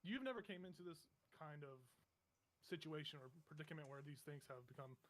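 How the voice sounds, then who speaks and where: A man runs a tabletop game, painting each scene in loose, winding detail. He leans on lots of fillers as he goes, and his voice sits slightly higher than most men's. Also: lively intonation, a little fast, fairly bright tone. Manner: vivid, meandering scene description with frequent fillers. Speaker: game master.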